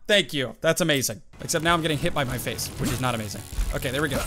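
A man giving casual, excitable running commentary while playing a game, often yelping and exclaiming. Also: fairly high pitch, a little fast, faint music behind. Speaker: gaming YouTuber.

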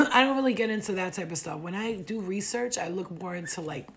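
A woman's voice: mid-range voice, expressive, fairly quick, fairly bright tone. A woman chatting casually on a livestream, rambling and swearing freely, and saying she feels like she is getting sick. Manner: loose, rambling and profane. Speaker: livestream host.

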